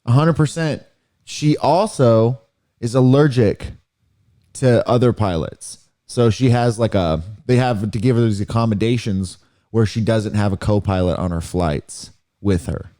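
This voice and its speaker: Male podcast co-host, mellow tone, deadpan improv comedy delivery. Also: lowish voice, unhurried.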